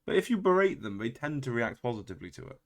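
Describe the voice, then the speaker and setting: A man's voice: medium pitch, big pitch swings, fast. A man giving casual, wry play-by-play commentary on his own video game, full of exasperated, self-mocking asides.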